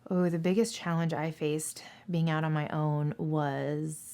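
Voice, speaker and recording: A woman in her thirties from Seattle answers interview questions as a dispatcher. She talks candidly and earnestly, repeating her points for emphasis. Her voice sits a touch low for a woman. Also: level tone, a little slow, warm tone, clean tone. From Seattle, Washington State.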